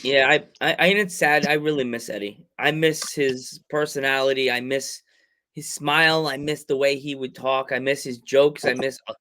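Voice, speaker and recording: A man hosting a podcast, telling animated stories and acting out other people's cries and shouts in casual chat. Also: medium pitch, moderate pace. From Long Island, New York. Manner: excitable storyteller, acts out quotes with loud cries. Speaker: podcast host.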